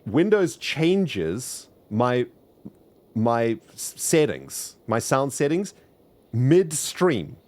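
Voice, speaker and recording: A man's voice: mid-range voice, big pitch swings, very slow. A man hosting a casual gaming stream, venting in exasperation about his computer and chatting with a fellow player. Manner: exasperated, venting, swings loud and quiet. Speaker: streamer, channel host.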